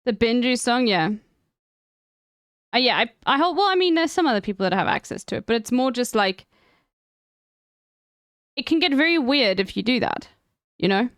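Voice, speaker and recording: A woman's voice: fairly high pitch, animated, normal speed, pauses often, a bit bright, no room sound, studio quality. A woman chatting casually on her stream, rambling and emphatic with plenty of swearing.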